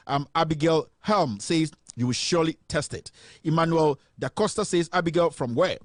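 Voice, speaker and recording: Man, call-in host, fairly high, dry close mic, chatty and joking, lots of fillers. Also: fairly quick, no echo. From Ghana. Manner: animated, joking, reads out viewer comments; frequent fillers and restarts. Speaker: host of a live political stream. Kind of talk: live call-in talk show.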